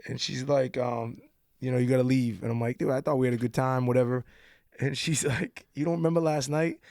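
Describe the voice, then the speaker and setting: A man with a Boston accent, a podcast guest telling a drinking story in a rambling, halting way full of fillers. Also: mid-range voice, steady tone, vocal fry, darkish tone, no echo, clean studio sound. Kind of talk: casual chat.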